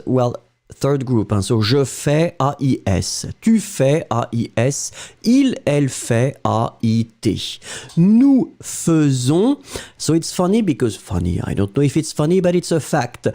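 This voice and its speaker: Lively French teacher, mellow voice. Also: male voice, mid-range voice. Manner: animated, reading viewer comments and spelling verb endings. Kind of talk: live-streamed language lesson.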